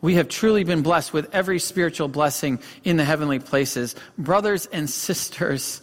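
Male pastor preaching, slightly high register, earnest, repeats for emphasis, long hall reverb. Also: moderate pace, few pauses. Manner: earnest storytelling, emphatic repetition. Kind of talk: sermon. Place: church sanctuary.

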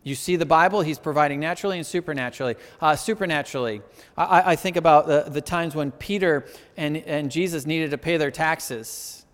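A man preaching a sermon, animated and conversational, often asking "right?" and building to emphatic peaks. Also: a little high, a little fast, in a large hall. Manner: conversational, asks the audience "right?".

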